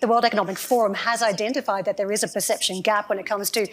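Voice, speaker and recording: A woman's voice: mid-range voice, fairly even intonation, quick pace. A woman news anchor moderating a panel, asking polished, direct questions.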